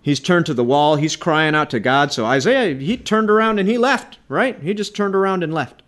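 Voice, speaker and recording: Animated impassioned male preacher. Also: fairly high pitch, normal speed. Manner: impassioned, repeats phrases, rising emphatic preaching. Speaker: pastor. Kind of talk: sermon.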